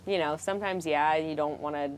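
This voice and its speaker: A woman speaking as a podcast guest in casual, candid conversation, frank and animated with frequent swearing. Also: sits low, fairly quick, slight background noise.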